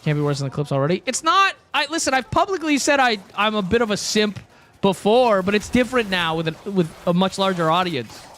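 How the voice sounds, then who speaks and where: A man's voice: high-pitched, big pitch swings, fairly quick, a bit bright, a little hiss or hum. A young man streaming, chatting casually and rambling with jokes to his chat. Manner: rambling, joking, talks to chat.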